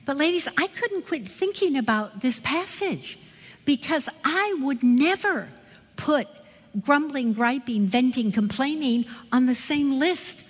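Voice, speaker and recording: High-voiced woman teaching Bible study. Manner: expressive, asks the audience questions. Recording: echoey hall with long reverb.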